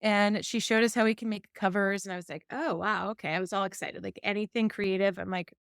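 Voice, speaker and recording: A woman's voice: mid-range voice, brisk, clear, resonant tone, no room sound, clean studio sound. A woman co-hosting a podcast, telling a personal story in casual chat and acting out what she said back then. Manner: animated, acts out her own past quotes. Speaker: podcast co-host.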